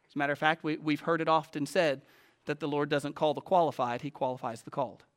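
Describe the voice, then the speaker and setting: A man preaching a sermon as pastor, emphatic, swinging from loud declarations to hushed storytelling. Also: on the high side, level tone, fast talker.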